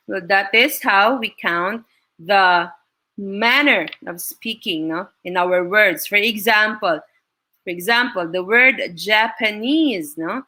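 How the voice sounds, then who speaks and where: A woman's voice: medium pitch, pushed and bright. A woman from the Philippines, teaching an online class and praising students, often ending her points with "no?". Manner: encouraging, frequent "no?" tag questions. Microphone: video call.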